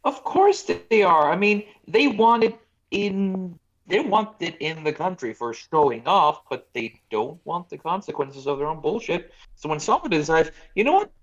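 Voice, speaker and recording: A man's voice: a little high, animated, normal speed, lo-fi sound. A man from Norway, talking crude and sarcastic in casual political banter, rambling with restarts.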